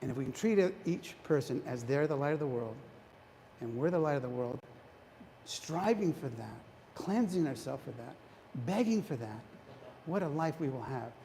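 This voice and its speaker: A retreat speaker preaches to a congregation in a church hall, his warm, mid-range voice lively in intonation and moderate in pace. He engages the audience with questions and frequently restarts sentences, while the recording carries long hall reverb and faint background noise.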